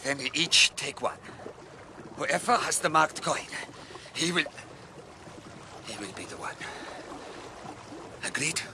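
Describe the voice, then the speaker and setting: An actor playing a desperate but commanding castaway in a lifeboat in an old radio drama, insisting things be done fairly. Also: male voice, fairly high pitch, expressive, slow, long pauses. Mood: stern. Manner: commanding, strained, insists on fairness. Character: stern, desperate male castaway keeping order. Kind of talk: vintage radio drama acting. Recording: hissy old radio recording.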